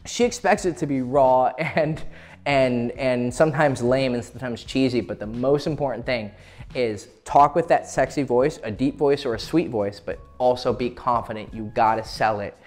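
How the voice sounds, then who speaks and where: A man's voice: mid-range voice, normal speed, a little mellow. A man giving casual, profane dating advice, laughing often as he talks. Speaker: dating coach. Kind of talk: casual instructional talk.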